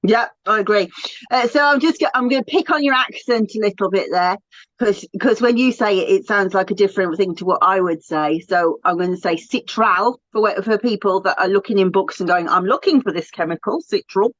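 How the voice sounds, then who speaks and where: A woman co-hosting an aromatherapy talk, chatting with animated enthusiasm in a casual educational way. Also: mid-range voice, fairly quick, dry recording. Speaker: aromatherapy co-host. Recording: dull dry lo-fi recording.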